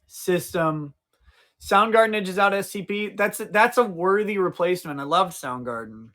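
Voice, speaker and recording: A man in his forties with a high-pitched, expressive, slightly bright voice speaks at normal speed while livestreaming casually outdoors. He wanders from topic to topic, swears freely and engages with his chat.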